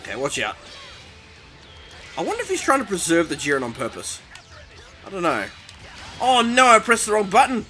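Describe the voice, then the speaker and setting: A man commentates his own match in a bright, sharp, very lively voice that jumps high and low. He is excitable, full of alarmed exclamations and self-mocking asides. Game music plays faintly underneath. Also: normal speed, pauses often. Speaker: gaming commentator. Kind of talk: live gameplay commentary.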